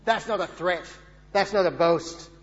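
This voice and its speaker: A man's voice: high voice, a little slow. A man doing an impression of a male president, speaking with a firm, declaring manner. The recording sounds dull and has a long hall reverb. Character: blunt male American president making a vow.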